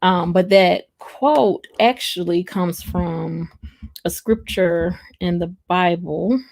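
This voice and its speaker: A woman's voice: on the low side, slow pace, gravelly, a little mellow. A young Southern woman hosting a casual livestream, chatting and reading out viewer comments with frequent laughs. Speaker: livestream host.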